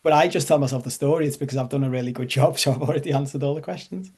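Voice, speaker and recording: Male coach, mellow tone, casual joking masterclass delivery over a video call. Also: mid-range voice, rapid-fire, husky. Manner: conversational, self-deprecating humor, checks in with audience. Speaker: life coach. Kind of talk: live online masterclass talk.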